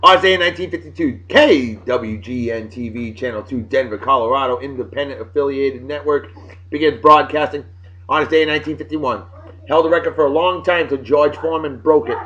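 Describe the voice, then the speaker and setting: A man from Massachusetts, running through historical events of the day in a loud, jokey, opinionated way. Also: medium pitch, fairly quick, lo-fi sound. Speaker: video blogger. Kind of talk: casual daily history rundown.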